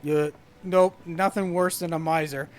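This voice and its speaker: A man voicing a boastful, rambling drunken sailor who talks in rough old sea dialect. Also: on the high side, steady tone, measured pace, lightly acted. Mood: boisterous.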